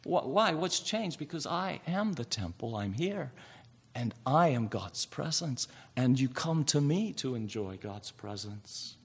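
A man's voice: medium pitch, big pitch swings, measured pace, slightly rough. A man preaching a sermon, asking rhetorical questions and answering them himself.

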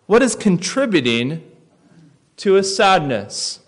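Slow, earnest man preaching. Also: mid-range voice, big pitch swings. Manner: earnest, swings between loud emphasis and quiet. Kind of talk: sermon.

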